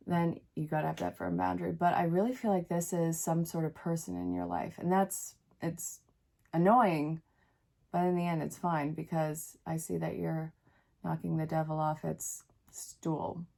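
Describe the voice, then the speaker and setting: A woman's voice: sits low, mellow. A woman in her thirties with the sniffles, giving a casual tarot reading in a frank, encouraging way and talking straight to the viewer. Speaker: tarot reader.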